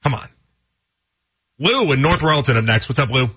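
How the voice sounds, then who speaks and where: A man hosting a call-in sports radio show, trading quick, jokey banter with callers. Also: medium pitch, lively intonation, bright, forceful tone, slightly rough.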